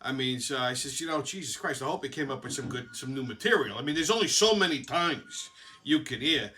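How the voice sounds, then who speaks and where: A man's voice: medium pitch, expressive, a little fast, pushed and bright. A man from Brooklyn with a Brooklyn accent, hosting a casual, profane monologue in a blunt, crude way. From Brooklyn, New York. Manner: blunt, crude, heavy swearing. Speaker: show host.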